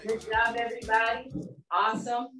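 A woman's voice: a little high, steady tone, moderate pace, sharp tone, recorded from a distance. A woman fitness coach leading a workout class, upbeat and encouraging as she calls out the moves. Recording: roomy echo, from off-mic, faint music.

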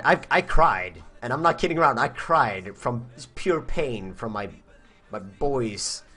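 A man's voice: mid-range voice, a bit bright. A young man from Sweden chatting casually on a live stream, answering viewer questions in a rambling way, searching for words and swearing.

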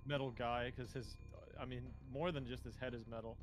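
A man's voice: mid-range voice, steady tone, fairly quick, music in the background. A man, a speedrunner himself, chatting loosely about runs with lots of fillers and a resigned tone. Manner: rambling, resigned, filler-heavy. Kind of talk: casual commentary chat.

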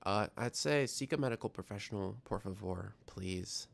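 A man's voice: lowish voice, moderate pace, gravelly. A young man hosting a science livestream, chatting casually and rambling as he reads viewer comments aloud. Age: young adult. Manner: rambling, reads chat aloud, self-deprecating. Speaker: livestream science show host.

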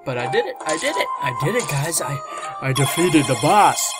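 A man giving gameplay commentary, excitable, shouting and squealing in reaction to the game. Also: a little high, moderate pace, rough recording. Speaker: let's play gamer. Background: game music.

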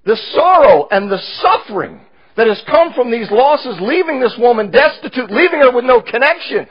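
A man's voice: very high-pitched, very animated, moderate pace, breathy edge, dull audio. A man preaching a sermon with passion, voicing imagined objections and quoting scripture aloud.

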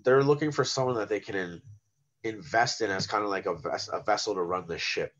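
Low-voiced man telling animated stories. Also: fairly quick, highs cut off. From Canada. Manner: animated storyteller who acts out the people he quotes. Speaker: guest, rapper and former chef. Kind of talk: casual podcast storytelling.

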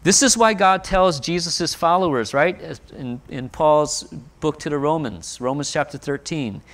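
A man with a fairly high voice preaches a sermon, working through scripture verse by verse. He asks rhetorical questions and leans hard into emphatic lines when he quotes. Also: a little slow, fairly bright tone. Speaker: pastor.

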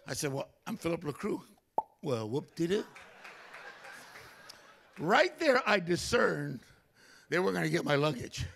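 An older male pastor telling a story during a sermon, animated, acting out other people's voices. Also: on the high side, measured pace, gravelly, pauses often, slight background noise. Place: church.

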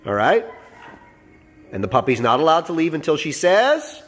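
A man's voice: on the high side, sing-song, moderate pace, a little hiss or hum. A man explaining a demonstration as a dog trainer, coaching and checking in with his listeners. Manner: explanatory, coaching, frequent "all right?" and "okay?" check-ins. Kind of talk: instructional narration over demonstration.

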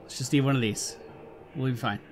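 A man's voice: mid-range voice, steady tone, brisk, music in the background. A man giving casual gameplay commentary on a let's play, swearing and exasperated, talking back at the game.

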